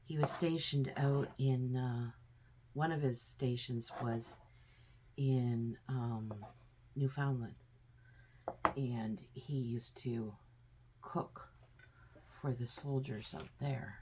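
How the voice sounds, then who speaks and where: Low-pitched lady walking you thru a recipe in her home kitchen, slow and easygoing, lots of ums, some faint noise behind her. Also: fairly even intonation. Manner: chatty, homey step-by-step explaining with many fillers. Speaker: home cook vlogger. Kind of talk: casual cooking demonstration.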